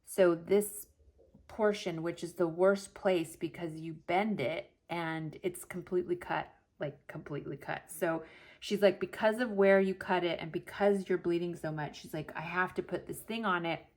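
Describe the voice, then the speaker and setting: A woman in her forties telling a long story in a chatty vlog, acting out the dialogue as she quotes it. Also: on the low side. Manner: animated, retells with quoted dialogue. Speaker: planner vlogger.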